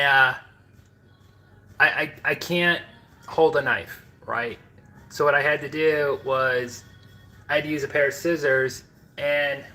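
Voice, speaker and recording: Speaking from his home kitchen, a Midwestern American man rambles to his viewers in a casual, aside-filled way, leaning on lots of fillers. He's a home cooking vlogger with a mid-range, pushed, bright voice, captured on a rough recording.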